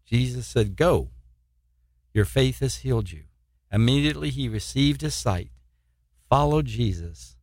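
A man preaches an informal sermon plainly and earnestly, frequently restarting his sentences, while dealing with eye pain and poor sleep. His medium-pitched voice is slightly mellow, captured in a dry, studio-quality recording.

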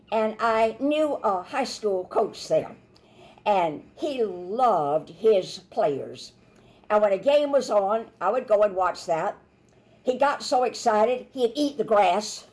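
Animated woman minister teaching scripture. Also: mid-range voice. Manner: animated storytelling, acts out quoted voices. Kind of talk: Bible teaching sermon.

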